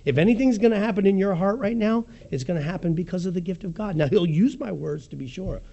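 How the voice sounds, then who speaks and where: A man preaching a sermon as pastor, with a raspy voice, animated and swinging between soft and loud, joking about his own slips. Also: quick pace, dull audio. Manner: animated preaching with wide swings in pitch and loudness; jokes at his own slips, laughs easily.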